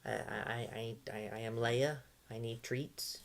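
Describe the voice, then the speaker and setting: A man's voice: mid-range voice, fairly even intonation, a little slow, vocal fry. A man voicing his old female dog who begs for treats in a wheedling tone. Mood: begging. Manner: pleading, wheedling.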